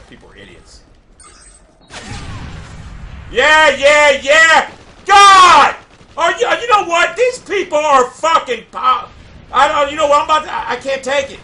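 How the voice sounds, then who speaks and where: Furious male gamer, high and swooping voice, swearing and yelling at opponents. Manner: loud, profane, raging at other players; shouts in bursts of frustration. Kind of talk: gameplay commentary.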